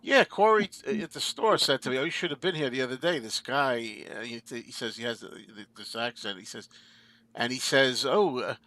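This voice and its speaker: A man's voice: mid-range voice, moderate pace, pushed and bright. A man hosting a casual livestream chat, rambling through an anecdote and laughing as he tells it. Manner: rambling storyteller, laughs mid-sentence.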